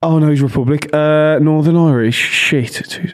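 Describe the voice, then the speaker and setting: Excitable guy, kinda high voice, yelling his buzzer. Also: moderate pace. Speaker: podcast co-host, quiz contestant. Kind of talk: casual banter.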